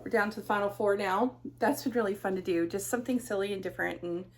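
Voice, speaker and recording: Chatty middle-aged woman, gravelly edge. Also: mid-range voice, steady tone, quick pace. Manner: chatty, rambling, warm storytelling with many fillers. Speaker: craft vlogger. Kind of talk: casual chat vlog.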